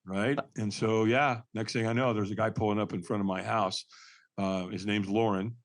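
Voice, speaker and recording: An older man, a podcast guest, telling a personal story in a candid, earnest way and acting out old conversations with lively energy. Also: on the low side, normal speed. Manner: animated, acts out remembered dialogue.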